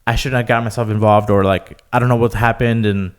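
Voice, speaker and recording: A man's voice: fairly low pitch, fairly even intonation, fairly quick, clear, resonant tone. A man co-hosting a podcast, retelling an experience in hesitant casual chat. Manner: hesitant, filler-heavy retelling. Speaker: podcast co-host.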